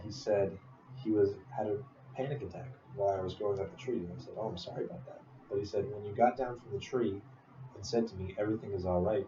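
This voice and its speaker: Young guy, low voice, rambling story, kinda far off in an echoey room. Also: dull audio. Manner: rambling, full of fillers and asides. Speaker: speaker telling a personal story. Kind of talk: casual storytelling speech. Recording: distant roomy mic with noise.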